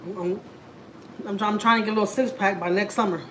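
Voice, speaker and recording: A woman's voice: medium pitch, fairly even intonation, quick pace, a bit bright, a little hiss or hum, poor audio. A woman, chatting casually to viewers while cooking in her home kitchen. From Houston, Texas. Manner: chatty, talks straight to viewers, lots of "like" and "y'all". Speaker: family vlogger.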